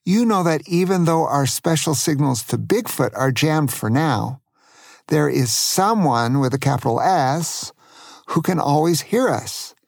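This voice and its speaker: A grandfather voicing a calm, hopeful grandma. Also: fairly high pitch, measured pace, gravelly, no room sound, studio quality, exaggerated voice. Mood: reassuring. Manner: calm, reassuring. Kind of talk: storytelling for children.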